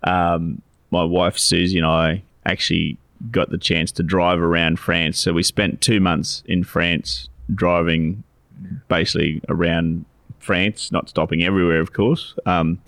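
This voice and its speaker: A middle-aged Australian man co-hosts in easy, meandering chat. His voice sits low with a gravelly edge, and the sound is dry and close. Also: little pitch movement, a little slow, a bit bright, dry recording. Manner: meandering anecdotal storytelling. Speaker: podcast co-host, financial adviser. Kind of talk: casual chat.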